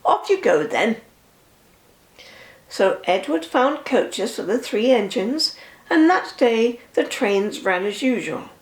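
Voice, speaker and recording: Grandma reading a kids story, slow and lively, kinda high, echoey room. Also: female voice. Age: older. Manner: slow, expressive read-aloud.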